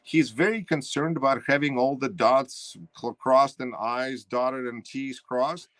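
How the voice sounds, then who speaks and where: A man's voice: mid-range voice, fairly even intonation, measured pace, fairly bright tone, no room sound. A man with a Russian accent, talking as an interview guest in a loose, rambling way, full of fillers and restarts. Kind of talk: casual interview talk.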